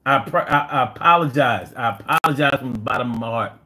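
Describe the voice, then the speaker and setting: A man's voice: medium pitch, quick pace, bright, forceful tone. A man hosting a live call-in stream, talking loosely and playfully, reading chat messages aloud and using slang. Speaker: livestream talk show host.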